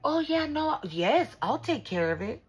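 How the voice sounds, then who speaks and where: A woman's voice: high voice, very animated, a little slow, pitched above the performer's own voice. A woman putting on the voice of a smug, two-faced person, sounding airy and falsely agreeable. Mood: mocking.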